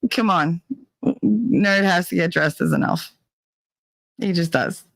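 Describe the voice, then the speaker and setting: A woman's voice: on the low side, slow, vocal fry, no echo. A woman hosting a casual livestream, chatting and reading viewer comments aloud, laughing often. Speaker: livestream host.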